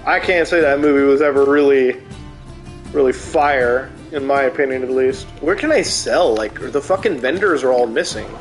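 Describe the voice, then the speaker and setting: A man's voice: mid-range voice, moderate pace, faint music behind. A man streaming a game, chatting casually and ranting with plenty of swearing. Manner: profane, animated ranting. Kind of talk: casual chat while gaming.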